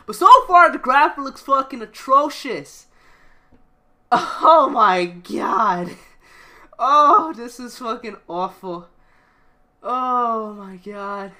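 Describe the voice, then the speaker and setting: A woman ranting at a video game in a high, bright voice that swoops up and down. She swears at nearly every line and keeps breaking into laughter, and she takes her time between outbursts. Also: animated, slow pace. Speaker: gaming video creator. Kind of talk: profane reaction rant.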